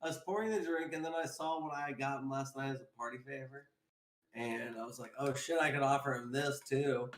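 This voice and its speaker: A man's voice: mid-range voice, brisk, a crowd in the background. A young man chatting with friends, telling stories in a mock-formal way. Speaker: podcast co-host. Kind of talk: casual chat among friends. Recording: roomy with faint noise.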